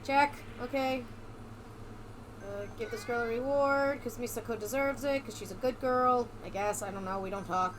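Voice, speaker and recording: A young woman giving casual, sarcastic gameplay commentary, excitable and swearing freely. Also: fairly high pitch, moderate pace, background noise. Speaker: let's play streamer.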